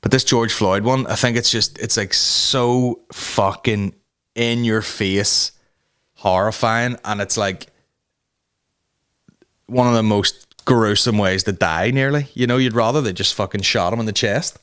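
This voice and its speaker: A man's voice: fairly low pitch, measured pace, fairly bright tone, clear, resonant tone. A man hosting a comedy podcast, ranting heatedly with lots of swearing and restarts. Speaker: podcast host.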